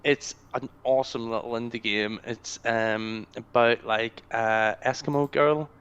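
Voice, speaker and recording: Unhurried and smooth, a medium-pitched male co-host shares enthusiastic, animated stories about games on a casual podcast. The lo-fi audio is a little dull.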